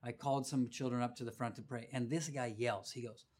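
A man of average pitch hosts a relaxed faith conversation. He tells stories with animation and lands his points with a preacher's emphasis. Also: brisk. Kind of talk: casual ministry conversation.

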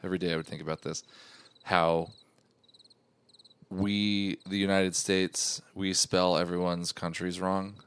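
A man's voice: low-pitched, level tone, measured pace, a bit bright, clear, resonant tone. A young man co-hosting a comedy podcast, rambling through a meandering story in casual chat. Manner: rambling, meandering, self-interrupting. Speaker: podcast co-host.

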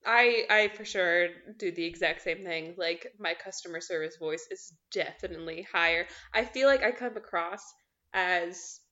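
A woman's voice: on the low side, moderate pace, sharp tone, highs cut off. A young woman in her twenties co-hosting a podcast, chatting casually, laughing easily and sometimes stumbling over her words. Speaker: podcast co-host. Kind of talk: casual chat.

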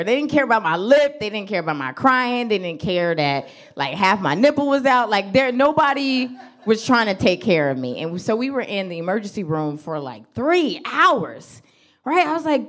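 A woman comedian, telling a personal story on stage and acting out her own lines with laughs. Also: moderate pace. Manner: animated, acts out her own quotes with big pitch jumps and laughs. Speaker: stand-up comedian. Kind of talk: live stand-up storytelling.

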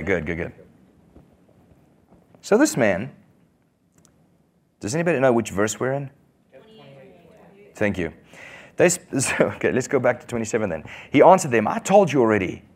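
A man preaching a sermon in an animated way, often putting questions to the congregation. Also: medium pitch. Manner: animated, asks the congregation questions, quick bursts.

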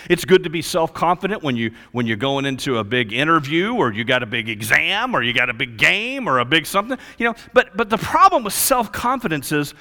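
A male pastor preaching a sermon, swinging between loud emphasis and hushed lines. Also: sits high. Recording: long reverb of a large hall.

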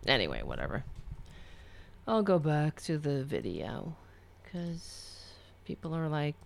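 A woman commenting on a video, sarcastic and swinging from loud rants to low muttering. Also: huge pitch swings, slow, creaky. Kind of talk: casual reaction commentary.

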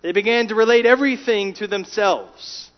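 A man preaching a sermon, emphatic, rising in volume for key words and dropping low and quiet between them. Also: moderate pace. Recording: dull lo-fi sound.

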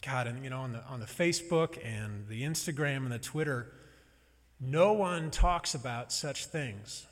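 A man's voice: mid-range voice, a little slow. A man preaching a sermon in a conversational, wry and reflective way. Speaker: pastor. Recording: long reverb of a large hall.

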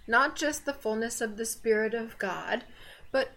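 A woman's voice: fairly high pitch, measured pace, fairly bright tone. A woman with a Southern American accent co-hosting a casual faith podcast, chatty and digressive with teasing asides. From Southern United States. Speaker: podcast co-host.

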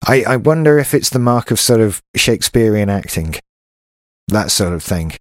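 A British man with a low voice talks through a podcast in easy, rambling chat. He restarts his sentences a lot. The sound is dry and close. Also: animated, moderate pace, dry recording. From Britain. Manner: chatty, self-interrupting. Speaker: podcast co-host. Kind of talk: casual chat.

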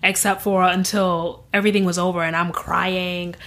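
A young woman as an interview guest, telling a personal story in an animated way and acting out what others said. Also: lowish voice, moderate pace. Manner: animated, acts out quoted voices, laughs often.

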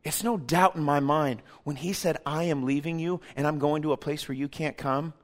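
A man with a high-pitched voice delivers a sermon. He rises to emphatic, forceful peaks and then falls to quiet, intimate passages. He plays out quoted dialogue in a loose, joking tone. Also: steady tone, normal speed. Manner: swings from loud and emphatic to hushed and intimate. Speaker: pastor.

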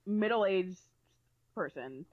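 A young woman co-hosting a podcast, chatting quickly about a TV show with fillers and joking asides. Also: medium pitch, animated, no echo, narrow, tinny audio. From child of African immigrants. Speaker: podcast co-host. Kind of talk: casual chat recapping a TV show.

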